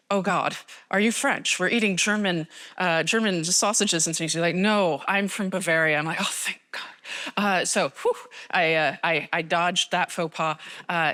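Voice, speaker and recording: A woman's voice: medium pitch, sharp tone. An American woman, middle-aged, giving a conference talk on a stage mic in a large hall, chatty and rambling with self-deprecating asides. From United States. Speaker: conference speaker. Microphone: stage microphone.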